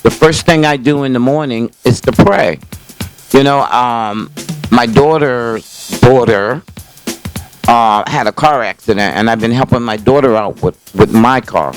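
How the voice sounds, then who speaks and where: A man's voice: mid-range voice, measured pace, soft background music. Folksy older man hosting a call-in show. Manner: folksy, chatty, full of restarts and "you know". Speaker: host of a call-in talk show. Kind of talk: casual rambling monologue to viewers. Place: small indoor set filmed by a cameraman. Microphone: speakerphone call on camera.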